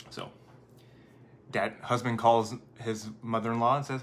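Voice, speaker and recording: A man's voice: medium pitch, flat delivery, moderate pace, fairly bright tone, slight background noise. A man around thirty giving a casual motivational talk, telling stories conversationally and often correcting himself mid-sentence. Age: 30s. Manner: conversational storytelling, frequent self-corrections. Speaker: video host.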